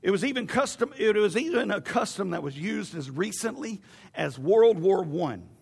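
A man preaching a sermon, animated and storytelling, with stammered restarts. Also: high voice, moderate pace, creaky, breathy edge, in a large hall.

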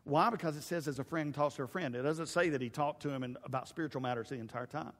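A middle-aged man preaching a sermon in a church, telling funny stories with loud, animated asides. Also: on the high side, fast talker. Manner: animated, humorous storytelling with shouted asides. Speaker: pastor. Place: church sanctuary. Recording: long hall reverb.

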